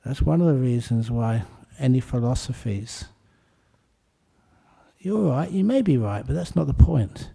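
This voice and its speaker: A man giving a Buddhist dharma talk, explaining with gentle humour and telling a story to make his point. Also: mid-range voice, animated, unhurried, creaky, slightly rough. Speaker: Buddhist teacher.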